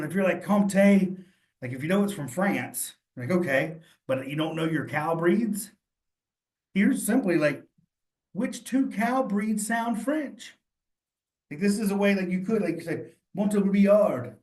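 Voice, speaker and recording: Chatty man teaching in an echoey room. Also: a little high. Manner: chatty, addresses students directly, thinks aloud. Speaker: cheese instructor. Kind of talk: live online study session. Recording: roomy echo.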